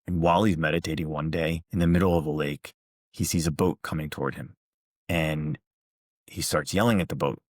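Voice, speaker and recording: A man with a very low, deep voice gives a reflective motivational talk. He tells his stories in a calm, measured, earnest way. The sound is close and dry, with no room echo. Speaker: motivational speaker and coach.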